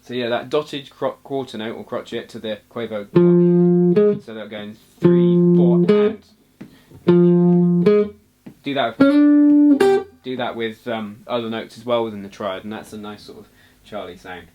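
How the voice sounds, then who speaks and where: A man teaching jazz guitar in a relaxed, casual way, explaining notes while he plays and counting beats aloud. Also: on the low side, moderate pace. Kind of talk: casual music lesson. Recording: loud guitar under the voice. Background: guitar playing.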